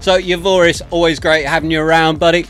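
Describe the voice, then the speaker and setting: Faint music runs behind a man hosting a livestream as he talks near a desk mic, greeting viewers one after another with self-deprecating chatter and many laughs and thanks. He speaks fast in a slightly high, somewhat bright voice that is clear and resonant, with a level tone.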